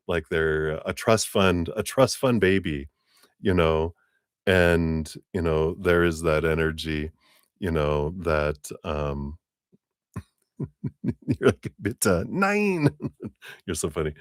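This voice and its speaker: A man with a very low, deep voice gives a live tarot reading in a loose, rambling way, full of fillers and self-amused laughs. The sound is close and dry with no room around it. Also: clear, resonant tone, no room sound. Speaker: tarot reader.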